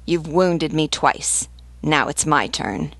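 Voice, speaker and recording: A woman's voice: low-pitched, expressive, takes it slowly, gravelly, a bit bright, no echo, heavily acted. A woman reading the lines of a brash, mocking wounded soldier in a taunting, scornful manner.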